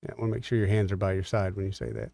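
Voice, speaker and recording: A man co-hosting a talk radio show, teasing and trading quick quips. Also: deep voice, big pitch swings, creaky, mellow, no echo. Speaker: radio co-host. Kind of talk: casual talk radio banter.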